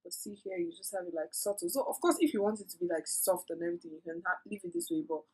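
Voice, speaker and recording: A woman's voice: fairly low pitch, quick pace, darkish tone, slightly rough, poor audio. A woman talking viewers through a makeup tutorial in a chatty, playful way, giving tips and drifting into asides. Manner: instructive, addresses viewers directly. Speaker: beauty vlogger.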